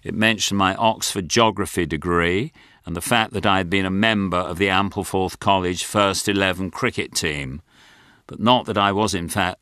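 A man's voice: low-pitched, fairly bright tone, no echo. An older man narrating his audiobook memoir in a dry, wry, self-mocking way, close to a studio mic. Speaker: author and narrator.

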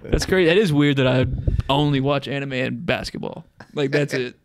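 A man's voice: medium pitch, normal speed, no room sound. A man co-hosting a casual comedy podcast, joking about himself in easygoing chat. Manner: joking, self-deprecating. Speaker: co-host.

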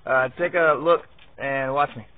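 Speaking at a measured pace in a mid-range voice, a vlogger shows off his dog handling in an outdoor pen, offering rambling, casual commentary. He repeats words and grunts with effort, and the recording is tinny, like a phone, with faint noise.

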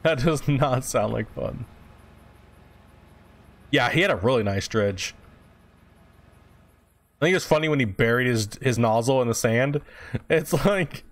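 This young man streams a game and chats loosely with his viewers, cursing freely and responding to chat as he goes. His voice is medium-pitched and a little slow, broken up by long pauses.

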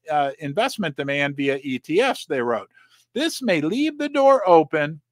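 A man hosting a precious metals show, reading news aloud in a jokey, animated casual way. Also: high voice, no echo, clean studio sound. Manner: animated, jokey, exclaiming and mock-quoting. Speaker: host of a precious metals channel.

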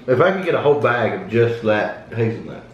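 A man's voice: medium pitch, expressive, fairly quick, dull audio, slight background noise. A man joking and wisecracking during a casual chocolate tasting. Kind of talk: casual chat. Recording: echoey room, clattering dishes.

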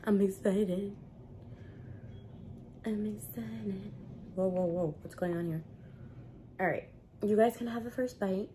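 A woman's voice: medium pitch, moderate pace, pauses often, mellow, a little hiss or hum. A young woman, chatting casually between bites in a mukbang eating vlog. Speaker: food vlogger.

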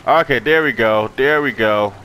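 A man commentating a horror game, excitable and profane, yelling and gasping at each scare. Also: mid-range voice, moderate pace, slight background noise. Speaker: gaming YouTuber. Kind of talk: horror let's play commentary.

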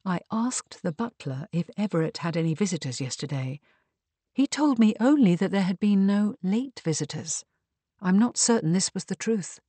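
A woman voicing a discreet, resourceful young Regency lady who speaks quietly and calmly. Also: medium pitch, moderate pace, slightly rough, no room sound. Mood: composed. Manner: quiet, composed.

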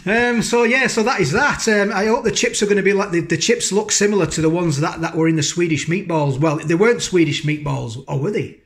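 Casual food vlogger, male, slightly high voice, rambling and homely, loves a tag question. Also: fairly quick, few pauses, a bit bright. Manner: chatty, rambling, keeps asking tag questions. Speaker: food reviewer. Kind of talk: casual food review vlog. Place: home kitchen, indoors.

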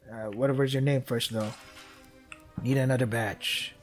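A young man commentating his gameplay, joking, excitable, and talking to the characters on screen. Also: medium pitch, normal speed, soft background music. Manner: joking, excitable, talks to the game characters, laughs often. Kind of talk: let's play commentary.

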